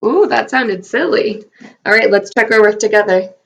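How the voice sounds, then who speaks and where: In her recorded phonics lesson, a woman who teaches first grade speaks at a medium pitch, slowly and clearly. She sounds out letters and syllables in an upbeat, encouraging way.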